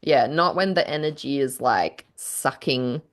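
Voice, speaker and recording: Low-voiced woman on a podcast mic, chatty and candid, says like a lot, acts out the people in her stories. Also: unhurried. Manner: candid storytelling, heavy on "like", acts out quotes. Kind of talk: casual chat.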